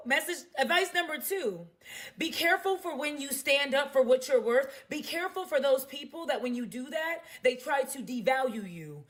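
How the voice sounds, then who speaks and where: Woman, high voice, defiant, sharp-tongued, laughing, casual venting monologue. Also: expressive, normal speed. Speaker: content creator in clip.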